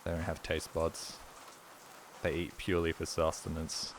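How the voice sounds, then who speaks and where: A man's voice: a bass voice, monotone, moderate pace, a little hiss or hum. A man streaming a game, rambling with crude, self-mocking jokes in casual commentary.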